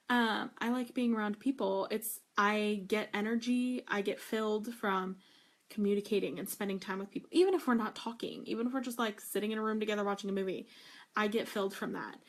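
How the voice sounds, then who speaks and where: A young woman talking in a casual devotional vlog, gushing and emphatic, with many fillers and restarts. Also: mid-range voice. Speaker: faith vlogger.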